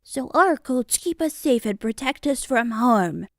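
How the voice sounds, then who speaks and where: A woman voicing a proud zebra in a children's storybook, talking quickly and insistently. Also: on the high side, lively intonation, no room sound, studio quality, pitched above the performer's own voice.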